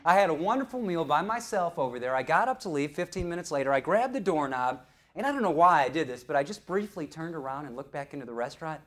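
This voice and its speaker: Brief: middle-aged man, keynote storyteller, higher voice, playful and audience-quizzing. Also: expressive, fast talker, fairly bright tone. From St. Louis, USA. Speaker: professional speaker.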